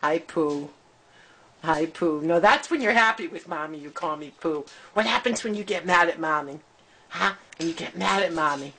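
A woman's voice: low-pitched, normal speed, fairly bright tone. A woman at home coaxing her pet in sing-song baby talk, with frequent gasps and laughs. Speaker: pet owner talking to her bird. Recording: noisy home camera recording.

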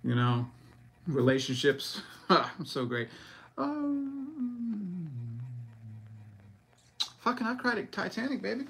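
Jokey podcast dude, kinda bright voice, swears n clowns around. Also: male voice, sits high, sing-song, slow pace, creaky, long pauses, husky. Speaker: podcast co-host. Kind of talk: casual chat.

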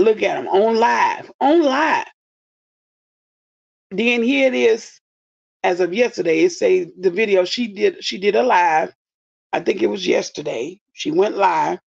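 A woman's voice: medium pitch, vocal fry, a little mellow, breathy edge. A woman in her fifties giving blunt, indignant casual commentary to her viewers. She swears freely. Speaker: commentary vlogger. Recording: dull lo-fi audio.

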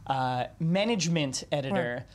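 A man, an economy correspondent in a television studio, explaining in a halting, measured way. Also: on the high side, expressive. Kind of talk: studio interview.

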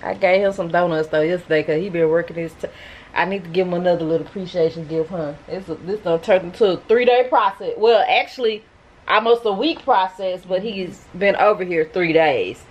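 A woman's voice: fairly low pitch, fairly quick, muffled recording. A woman, chatting bluntly and casually to her viewers in a vlog, with laughing asides. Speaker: vlogger.

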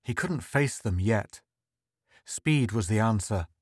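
Male audiobook narrator, unhurried, dry close sound. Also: lowish voice, animated, slightly rough, no room sound. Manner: slow, measured storytelling. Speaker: audiobook reader. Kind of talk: scripted narration.

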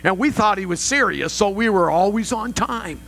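An older man preaches in a church, his voice sitting notably high for a man. His tone is bright and forceful, and he tells stories with humor and builds to emphatic points. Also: moderate pace, creaky, faint music behind, rough recording. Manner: storytelling with rising emphasis and humor. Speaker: pastor. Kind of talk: sermon. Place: church sanctuary.

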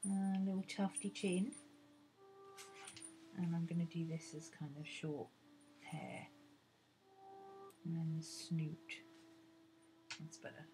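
A woman's voice: sits low, level tone, slow, long pauses. A woman, chatting and thinking aloud as she teaches a drawing lesson. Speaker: art teacher. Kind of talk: casual drawing tutorial. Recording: music playing under the voice.

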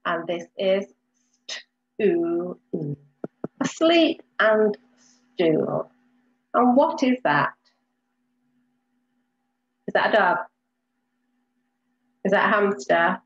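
A woman teaching a recorded phonics lesson to young children, sounding out words slowly and clearly. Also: mid-range voice, lively intonation, dull audio. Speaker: reception class teacher.

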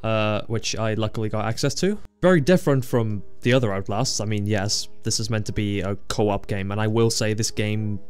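A man's voice: on the low side, normal speed, few pauses, clear, resonant tone. Jumpy young man playing a horror game. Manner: jumpy, excitable, joking reactions with frequent swearing. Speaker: gaming video creator. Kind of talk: casual gameplay commentary. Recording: faint game music behind.

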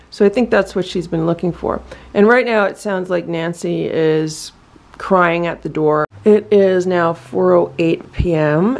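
A woman narrating her home cat rescue vlog in a calm, matter-of-fact way, switching to sing-song baby talk for her cats. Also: fairly low pitch, creaky. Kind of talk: casual narration to camera.

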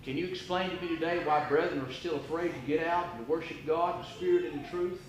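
A man preaching an impassioned sermon in a church, firing rhetorical questions and swinging from hushed tones to near-shouts. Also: on the high side, fairly even intonation, fast, a little hiss or hum. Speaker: evangelist preacher. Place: church auditorium. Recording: echoey church room with faint ambience.

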